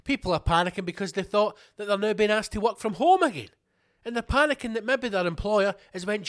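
This man from Scotland hosts a podcast and delivers a furious monologue full of profanity and repeated rhetorical questions. His voice is high and fairly quick, captured with clean studio sound and no room echo.

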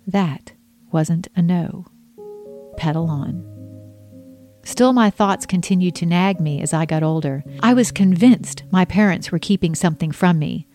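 A woman narrating her own memoir in an expressive storytelling voice. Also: fairly low pitch, unhurried, faint music behind. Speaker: memoir author reading her book.

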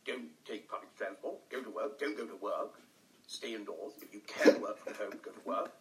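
A man's voice: fairly low pitch, moderate pace, crowd noise, pitched below the performer's own voice, natural voice, poor audio. A man voicing a comedian's impression of a bumbling male politician giving a muddled, contradictory announcement.

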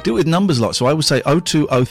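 A man's voice: fairly high pitch, lively intonation, rapid-fire. Flustered rambling man hosting radio comedy. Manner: rambling, flustered, self-mocking. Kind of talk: comic radio monologue. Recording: music playing behind the voice.

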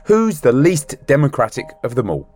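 A man's voice: medium pitch, big pitch swings, normal speed, darkish tone, soft background music. A man, the show's producer, giving an upbeat scripted introduction.

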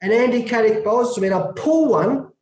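A man's voice: very high voice, a little fast, echoey room, a little hiss or hum, poor audio. A middle-aged Australian man, a former cricketer, telling his story in an interview, acting out dialogue and laughing often. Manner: lively anecdotal, acts out dialogue, laughs often. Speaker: guest, former test cricketer.

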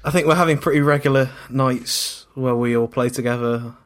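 A podcast co-host speaks in an easygoing, casual chat, laughing often. His voice is mid-range and steady, and he talks a little fast.

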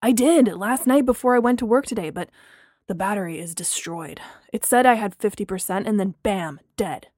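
A woman voicing a young man who jokes wryly and apologizes in a low-key way, in an audio drama reading. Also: moderate pace, darkish tone, no echo, clean studio sound, lightly acted. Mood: explaining. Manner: sheepish, wry, low-key.

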